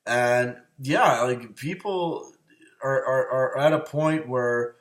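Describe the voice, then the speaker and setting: Speaking slowly in a mid-range voice, a male show host launches into a rambling, agitated rant. He recounts grudges with nonstop profanity and keeps going back over the same points.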